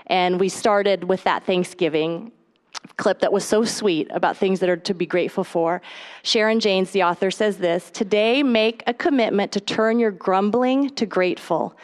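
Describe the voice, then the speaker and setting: A woman in her thirties giving a lively faith-based talk to a mothers' group, acting out the voices of the people in her stories. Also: mid-range voice. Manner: animated storytelling, acts out quoted voices.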